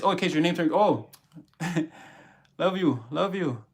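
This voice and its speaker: A man hosting a tarot live stream, with a fairly high voice for a man. He talks in a loose, animated way and slips into preachy pep talk. He greets viewers by name as they drop in. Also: unhurried, vocal fry. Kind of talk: casual live-stream chat.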